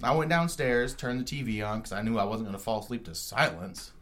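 A man's voice: on the low side, animated, fairly quick, a bit bright, slight background noise. A young adult man telling a story in casual podcast chat, rambling, profane and self-mocking. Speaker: podcast co-host.

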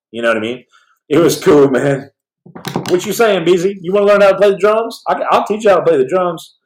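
A man's voice: mid-range voice, animated, normal speed. A man in his forties hosting a podcast livestream, telling stories in a rambling, jokey way and answering chat questions. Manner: rambling, jokey, swings between loud bursts and soft mumbles. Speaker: podcast host. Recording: echoey room.

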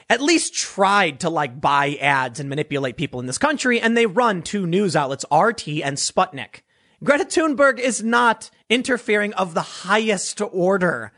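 A man's voice: sits high, a bit bright. A man giving an unscripted commentary monologue in a sarcastic, dismissive manner.

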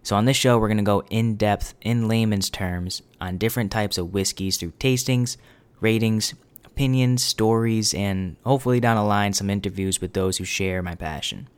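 A man in his twenties from New England hosts a podcast intro, upbeat and self-deprecating. His voice sits a little low and sounds smooth and clear. He talks in a loose, chatty way. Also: moderate pace. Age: 20s. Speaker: podcast host.

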